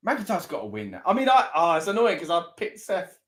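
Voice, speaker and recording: A man with a Scottish accent co-hosting a live wrestling watch-along, talking casually and breaking into excitable reactions. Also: a little high, fast talker. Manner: excitable, bursts into loud reactions.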